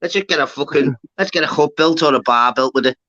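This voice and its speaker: Male stream host, raised, bright tone, banter and swearing, dry, dull audio. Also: fairly high pitch, fast talker, dry recording. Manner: swearing, laughing, retelling his own lines. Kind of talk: casual banter on a live stream.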